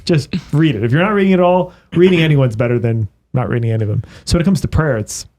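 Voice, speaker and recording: A man's voice: medium pitch, fast. A man who is a priest, telling stories animatedly in a casual podcast conversation. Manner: animated storyteller. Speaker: priest guest.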